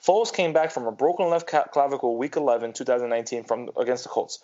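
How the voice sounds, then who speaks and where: A man's voice: mid-range voice, fast, mellow. A man co-hosting a casual sports podcast, rambling and ranting with frequent restarts. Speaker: podcast co-host. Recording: dull lo-fi podcast audio.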